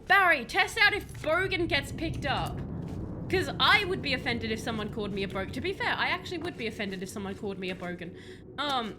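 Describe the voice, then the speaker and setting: High-pitched chatty woman streaming a game. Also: noisy background. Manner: rambling, chatty, laughs at own jokes, reads chat. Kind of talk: casual live-stream chat while gaming. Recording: music playing behind.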